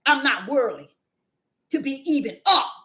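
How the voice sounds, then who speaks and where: A woman preaching an impassioned sermon in a fervent, scolding manner that rises to shouting. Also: high voice, lively intonation, normal speed. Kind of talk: impassioned street-style sermon.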